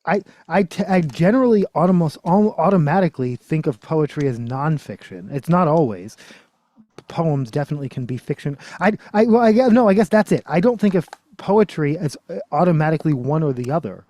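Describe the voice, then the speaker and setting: A man chatting casually about library books as a streamer, often correcting himself and trailing off into quiet mumbles. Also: on the high side, big pitch swings, brisk, no echo. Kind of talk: casual rambling chat.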